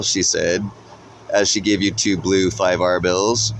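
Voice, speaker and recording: A man narrating a second-person story in a steady, plain reading voice. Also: low-pitched, takes it slowly, slight background noise.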